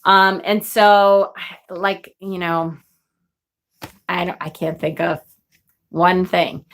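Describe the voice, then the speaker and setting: A woman's voice: lowish voice, steady tone, slow. A woman in her forties chatting casually as a vlogger, telling a rambling story and laughing often. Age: 40s. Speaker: witchcraft vlogger.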